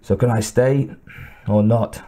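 A battered, foul-mouthed detective who has no patience for anything, gruff and clipped. A man reads him aloud in an audiobook, and the voice sits low and mellow. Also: steady tone, slow pace. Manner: gruff, curt. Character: injured tough male cop, blunt and profane.

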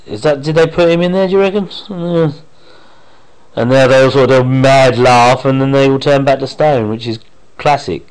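Recorded on a home microphone with poor audio, a man gives relaxed watch-along commentary over an episode he loves. At a moderate pace and an ordinary middle pitch, he rambles enthusiastically, leaves half-sentences trailing and doubles back.

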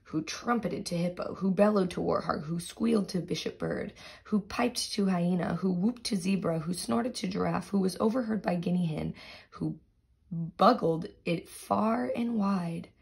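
A woman teacher reading a storybook aloud with lively sound words, then going through quiz questions for her students. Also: lowish voice, normal speed, vocal fry, breathy edge.

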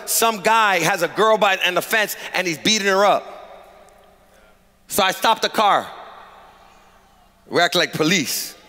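A man preaching a sermon as pastor, using call-and-response and swinging from shouted lines to quiet asides. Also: sits high, long reverb tail.

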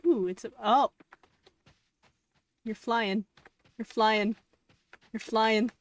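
A woman streamer chatting casually while she plays a game, easily excited, cooing at characters and now and then swearing. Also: on the high side, very slow, dry recording. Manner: excitable, gasps and coos, swears lightly. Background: faint game music.

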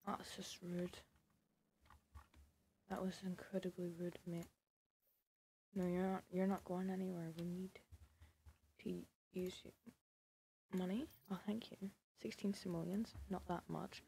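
A woman's voice: lowish voice, creaky, warm tone, a little hiss or hum. A woman giving casual, sarcastic commentary over a life-sim game, scolding the characters and often dropping to a whisper. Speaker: gaming video creator.

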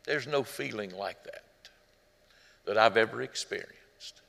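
A man preaching slowly with a bright, earnest voice in a reverberant church. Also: on the low side, creaky. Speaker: pastor. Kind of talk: sermon. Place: church sanctuary. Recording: long hall reverb.

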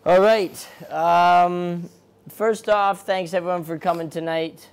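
A man's voice: sits high, fairly even intonation, slow, a little hiss or hum. A man giving a memorial eulogy from notes, casual, with many "uh"s. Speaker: eulogy speaker.

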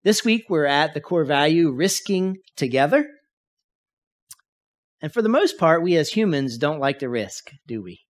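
Guy preaching sunday sermon, kinda high voice, tells stories, gets loud then quiet. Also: very animated, measured pace. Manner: storytelling, varies loudness for emphasis. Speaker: pastor.

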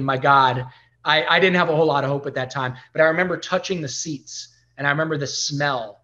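A man talking as a podcast guest, telling stories in an animated way and acting out the dialogue. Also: a little high, lo-fi sound. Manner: animated storyteller who acts out quoted dialogue. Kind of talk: casual storytelling interview.

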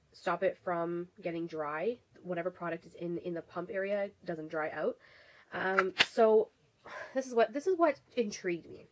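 A woman's voice, slightly low and audibly congested from a cold, carries a relaxed beauty review. She rambles in a friendly way, restarting sentences and leaning on ums, like casual vlog talk to camera. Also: rough recording. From Canada. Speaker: beauty vlogger.

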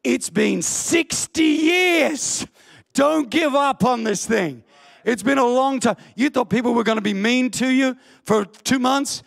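A man preaching an impassioned sermon in church, often bursting into shouts. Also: extremely high pitch, normal speed, creaky. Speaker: pastor. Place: church hall.

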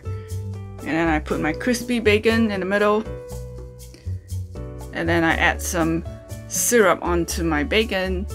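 A woman's voice: on the low side, a bit bright. A woman food vlogger chatting casually as she walks through cooking and eating breakfast, full of ums and uhs, talking straight to her viewers. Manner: talks to viewers directly, asks them questions. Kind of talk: casual cooking and mukbang chat. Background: faint background music.

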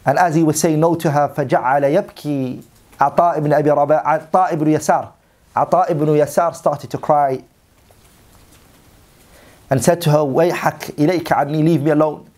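A man's voice: a little high, steady tone, normal speed, pauses often, a little mellow. A man teaching a religious story as a sermon, reading Arabic passages and then translating and repeating them in English. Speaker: Islamic teacher.

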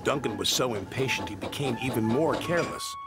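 A man narrating a children's storybook in a scripted, expressive manner. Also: medium pitch, fairly quick, creaky. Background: loud background music.

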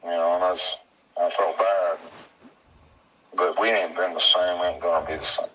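A man speaking in a rambling, plainspoken, halting way as he answers interview questions. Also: low voice, little pitch movement, husky. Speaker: interviewee, missing girl's father. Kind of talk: recorded phone interview. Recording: dull, distant phone-like recording with faint noise.

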